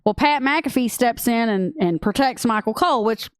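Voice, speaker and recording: A woman with a Texan accent co-hosting a casual podcast chat, excitable and gushing, laughing often. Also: a little high, normal speed, a little hiss or hum. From Texas. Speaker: podcast co-host.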